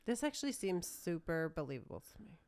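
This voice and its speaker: Low-voiced woman podcast host. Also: big pitch swings, a little fast, vocal fry, a loud crowd. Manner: reads a story aloud with small laughs and restarts. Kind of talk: casual chat and reading aloud.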